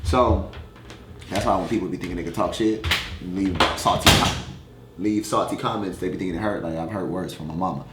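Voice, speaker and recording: Young male musician, low voice, frank and swearing, loose animated storytelling; echoey room. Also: fairly quick. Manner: candid, profane, animated storytelling. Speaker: musician answering fan questions. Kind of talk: casual storytelling vlog. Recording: echoey room, faint noise.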